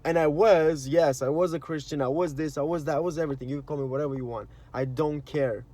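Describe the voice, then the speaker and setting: This spiritual vlogger speaks fast in a slightly high, warm voice with a steady tone. His monologue is rambling and earnest, full of casual slang, "you know" and "like," and he acts out quoted inner voices.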